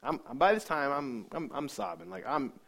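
A man giving an emotional personal testimony about his faith, earnest and halting, often repeating words as he searches for them. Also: a little high, expressive, a bit bright. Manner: earnest, halting, repeats himself when moved. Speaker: speaker sharing a faith testimony.

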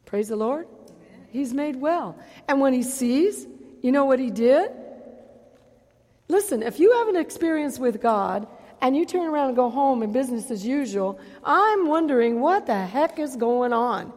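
High-voiced woman preaching in a hall. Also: lively intonation, moderate pace. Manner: preaching with frequent call-outs for amen, swinging between loud and hushed. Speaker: pastor. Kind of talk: sermon.

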